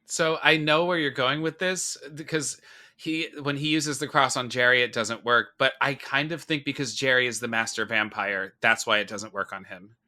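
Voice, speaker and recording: A man's voice: medium pitch, fairly even intonation, moderate pace, bright, forceful tone. A man hosting a podcast, recapping a film in loose, profane casual chat and laughing often. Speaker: podcast host.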